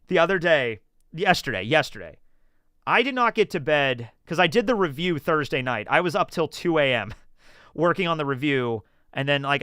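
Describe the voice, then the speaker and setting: A man's voice: mid-range voice, clean tone, no echo, clean studio sound. A man chatting casually on a live stream, answering questions and telling rambling stories with laughs. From United States. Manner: rambling, animated storytelling with laughs.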